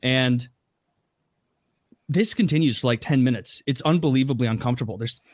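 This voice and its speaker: A man's voice: mid-range voice, moderate pace, no echo, clean studio sound. A man retelling a story in casual chat, rambling, with many "like" fillers and frequent swearing.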